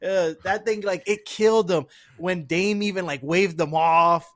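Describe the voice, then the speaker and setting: A man's voice: sits high, unhurried, no echo, studio quality. A man hosting a podcast in casual sports chat, arguing his opinions while searching for the right words. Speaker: podcast host.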